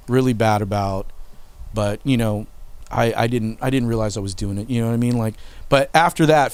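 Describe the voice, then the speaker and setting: Middle-aged male podcast host, smooth voice, dry close mic, candid and emotional storyteller who swears. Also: fairly low pitch, darkish tone, no echo. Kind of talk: casual storytelling.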